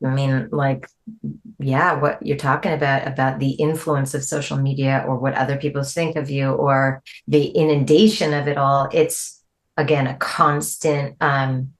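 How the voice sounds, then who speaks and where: In this relaxed interview, a middle-aged guest musician talks with lots of energy and frequent laughter. When she quotes someone, her pitch leaps up noticeably.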